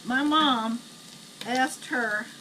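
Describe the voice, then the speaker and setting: A middle-aged woman telling blunt, animated family stories while she cooks at home. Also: fairly high pitch, very slow. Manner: blunt, chatty, animated retelling. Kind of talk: casual storytelling while cooking. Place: home kitchen. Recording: distant camera mic, noisy kitchen.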